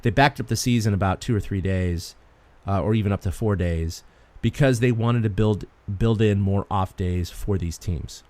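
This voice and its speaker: A man co-hosting a sports podcast, an animated storyteller who laughs often in casual chat. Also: fairly low pitch, moderate pace. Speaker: podcast co-host.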